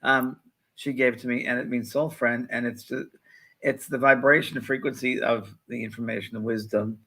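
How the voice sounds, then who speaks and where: A man's voice: mid-range voice, level tone, normal speed, bright, forceful tone. A man in his sixties, co-hosting a live spiritual show, telling stories in a chatty way and acting out what people said. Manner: chatty storyteller, acts out quoted voices. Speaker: co-host, spiritual medium. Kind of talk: casual chat.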